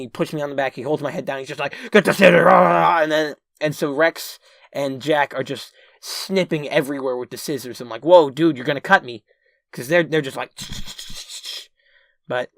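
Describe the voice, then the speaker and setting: A man's voice: fairly high pitch, dry recording, clean studio sound. A man telling a personal story to camera in a casual way, rambling with restarts and "right?" asides, and acting out his own panic. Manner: animated, acts out his own panicked past self. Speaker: channel's featured storyteller.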